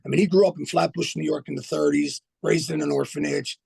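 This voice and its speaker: An older man speaks as a podcast guest, his voice heavily gravelly and rough around the edges. He talks bluntly and profanely, in a streetwise way, with a slightly raised pitch. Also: fairly even intonation, fast talker, a little mellow. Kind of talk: casual storytelling.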